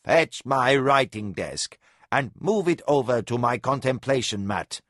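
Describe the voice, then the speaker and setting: Man voicing a tired lord, slow commanding orders, audiobook, dry sound. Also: mid-range voice, expressive, fairly bright tone, no echo. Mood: weary command. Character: weary lordly man, curt and commanding.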